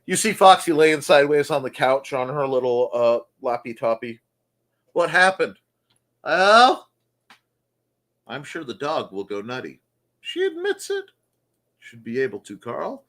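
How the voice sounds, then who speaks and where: A man's voice: medium pitch, very animated, measured pace, long pauses, fairly bright tone. A man hosting a casual morning chat show, joking and riffing on viewer comments in a goofy manner. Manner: goofy, jokey, mock-announcer asides.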